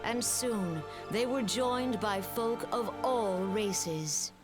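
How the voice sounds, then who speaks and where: An actress playing a solemn woman elder in a video game, recounting her nation's history in a slow, stately way. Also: medium pitch. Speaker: game character. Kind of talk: scripted game voice acting. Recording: game audio with music. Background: music.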